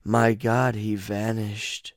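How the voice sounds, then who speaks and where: A man voicing a pair of calm, brutal adult male twin killers from a horror game, speaking slowly in a hushed, half-whispered, sometimes raspy voice. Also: fairly low pitch, no echo, studio quality, pitched above the performer's own voice. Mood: quiet menace. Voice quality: one raspier voice.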